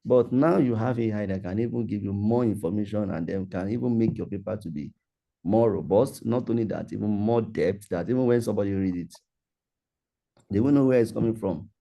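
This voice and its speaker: A man hosts an online workshop over a video call. His voice sits low and deeply mellow. He talks in a loose, conversational, repetitive way while answering questions. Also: brisk, gravelly. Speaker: workshop facilitator.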